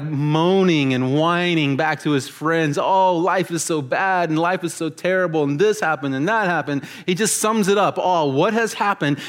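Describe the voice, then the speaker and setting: A man preaching a casual, animated sermon to teenagers, joking with them and acting out the stories he tells. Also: a little high. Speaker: youth pastor.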